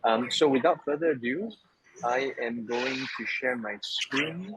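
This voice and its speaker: A man presenting at an online webinar, relaxed and joking, with plenty of fillers, from Malaysia. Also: mid-range voice, measured pace, slightly rough, poor audio. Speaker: webinar speaker, travel association president. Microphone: video call.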